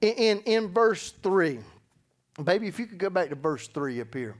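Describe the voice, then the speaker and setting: A man's voice: sits high, sing-song, moderate pace. A man, a pastor, preaching a sermon and reading scripture in an emphatic, conversational way, often repeating words as he goes. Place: church service.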